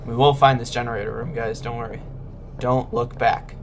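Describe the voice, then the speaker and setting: A man narrating his own horror-game playthrough for viewers. His voice sits at an ordinary pitch, and he keeps nervously talking himself and his audience through each tense moment. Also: little pitch movement, moderate pace, background noise. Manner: jittery, whispers reassurances to viewers. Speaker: gaming YouTuber. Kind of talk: let's-play commentary.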